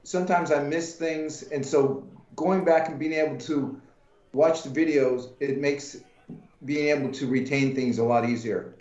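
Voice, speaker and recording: A man's voice: fairly high pitch, fairly even intonation, measured pace, a little mellow, roomy sound, recorded from a distance, highs cut off. A man who plays in the campaign, explaining earnestly how the videos help him keep track. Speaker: player. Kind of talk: casual chat.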